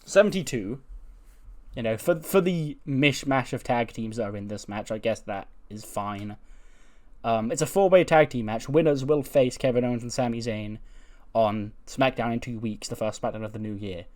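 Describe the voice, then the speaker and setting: A man at an ordinary mid pitch narrates a playthrough in loose, conversational commentary. He rambles a little and keeps dropping "you know" asides as he recaps events. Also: moderate pace, a little mellow. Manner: retells scenes by voicing quoted lines in his own voice; chatty, lots of "you know". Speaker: game commentator.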